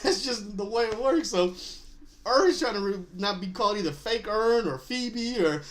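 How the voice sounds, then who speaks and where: A man's voice: sits high, animated, normal speed, fairly bright tone, a little hiss or hum. Male host, 30s, casual recap talk, chatty with frequent laughs. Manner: chatty, laughs often while retelling scenes.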